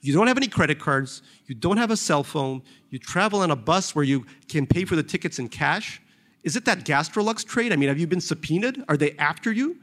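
A calm, reproachful younger man, voiced by a man reading a novel aloud in close to his own voice. He talks quietly and bluntly, measured and steady. The pitch stays somewhat higher than usual, with a lively lilt.

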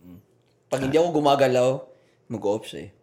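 A man's voice: medium pitch, lively intonation, fast, darkish tone. A young man hosting a podcast, chatting casually, switching between English and Tagalog, laughing and swearing often. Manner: laughing, swearing, acts out voices in anecdotes. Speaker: podcast host.

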